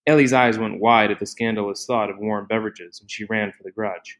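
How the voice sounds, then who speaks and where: A man narrating a novel in a steady, measured reading voice. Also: lowish voice.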